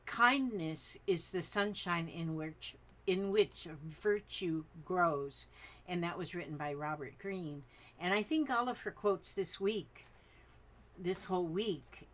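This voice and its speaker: Older woman chatting through viewer comments. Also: fairly low pitch. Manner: chatty, rambling asides. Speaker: craft channel host. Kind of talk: reading viewer comments aloud.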